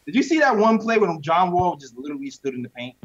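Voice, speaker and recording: Male co-host with a high voice, jokey and slangy; dull, slightly noisy audio. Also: big pitch swings, fast. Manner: joking, laughs often, slangy. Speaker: podcast co-host. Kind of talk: casual sports talk.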